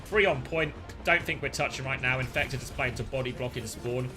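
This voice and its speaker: A man casting live esports, shifting between excitable play-by-play and chatty analysis full of fillers. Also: mid-range voice, brisk, over music. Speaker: esports caster.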